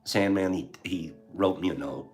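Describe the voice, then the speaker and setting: A man's voice: low voice, moderate pace, soft background music. An older man hosting a casual livestream, emotional and heartfelt, laughing often as he chats with viewers. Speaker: livestream host.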